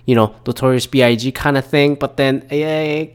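A man's voice: medium pitch, steady tone, moderate pace, smooth. Host, thirties, male; loose and profane, rambling talk with many fillers. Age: 30s. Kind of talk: casual solo commentary.

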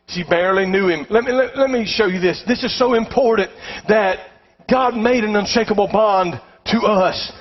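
Male pastor, high voice, dynamic storyteller who drops low and then builds to shouts; dull lo-fi church recording. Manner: storytelling preacher, swings from hushed to shouting. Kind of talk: sermon.

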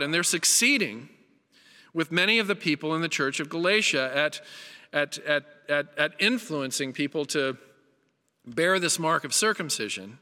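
A man's voice: on the high side, bright, forceful tone. A man preaching a sermon as pastor, earnest and emphatic, repeating phrases for weight and restarting lines as he builds a point. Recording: reverberant hall.

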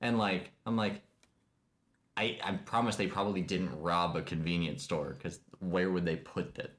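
Low-voiced, jokey podcast co-host man. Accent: Kentucky. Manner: jokey, animated storytelling with quick voiced asides. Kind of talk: casual chat.

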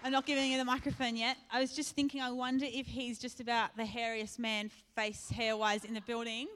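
A woman's voice: a little high, little pitch movement, brisk, some chatter behind, a little hiss or hum. Woman giving church announcements. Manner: warm, joking, encouraging. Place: church hall.

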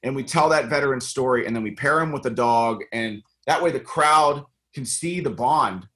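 A middle-aged man from the United States talks through a casual interview, earnest and full of stops and restarts. His voice sits at an ordinary, middle pitch. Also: normal speed, fairly bright tone. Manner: earnest, many fillers and restarts. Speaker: congressional candidate and guest.

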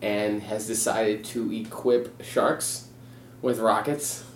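A young man in casual comedic chat, spinning deadpan absurd tangents. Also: on the low side, slow pace, a little hiss or hum. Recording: roomy echo.

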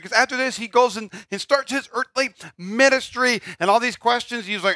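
A man preaching a sermon, his voice sitting high and ringing bright. He pushes lines out with emphasis, then drops to a near hush. The sound is dry and close, with no room around it. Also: a little fast, few pauses, dry recording. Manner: emphatic, swings from loud to quiet. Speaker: pastor.

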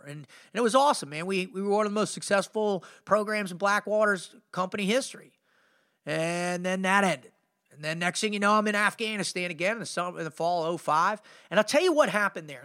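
A middle-aged man hosting a podcast and telling his story as a motivational speaker, intense and emphatic, with lots of casual filler like "man" and "you know". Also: high voice. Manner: energetic, informal, peppers speech with "man" and "you know".

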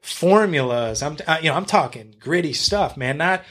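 A man's voice: on the high side, lively intonation, normal speed, fairly bright tone. A man being interviewed on a podcast as a real estate agent and investor, talking in a blunt, rambling, enthusiastic way and swearing freely.

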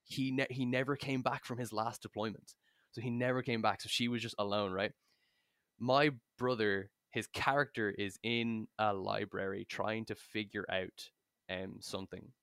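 A man, a guest game master, telling a story in a rambling, animated way with many fillers and restarts and plenty of swearing. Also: fairly low pitch, moderate pace, smooth, dry recording, studio quality. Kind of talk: casual podcast chat, storytelling.

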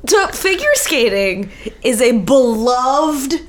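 A woman with a fairly high, very lively voice, chatting on a podcast. Her tone is teasing and she laughs easily as she talks with her co-host. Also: slow pace, slight background noise. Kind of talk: casual chat.

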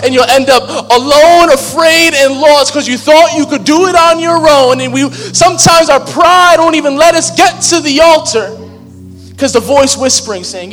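A man with a high-pitched voice preaching in a loose, joking, conversational way. His voice carries a long reverb from a large church hall, and faint music sits underneath. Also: a bit bright. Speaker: pastor. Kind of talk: sermon.

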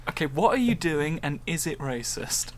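A man's voice: on the high side, expressive, moderate pace, very noisy. A man co-hosting a casual podcast, dry and sarcastic, swearing now and then. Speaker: podcast co-host.

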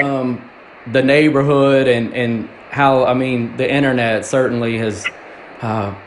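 Folksy Mississippi-accented host. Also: male voice, medium pitch, slight background noise. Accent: South Mississippi. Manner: rambling, searching for words, folksy. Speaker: radio show host. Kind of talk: casual interview chat.

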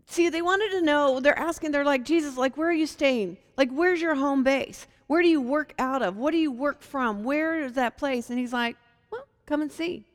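A woman from Virginia teaching a Bible passage in a casual, animated way, acting out the quotes in lively voices. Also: high voice, moderate pace, hardly any pauses, in a large hall. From Hampton, Virginia.

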